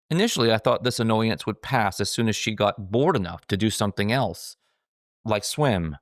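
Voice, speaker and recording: A man's voice: fairly low pitch, no echo, studio quality. A middle-aged man narrating his own memoir in a wry, self-mocking storytelling manner.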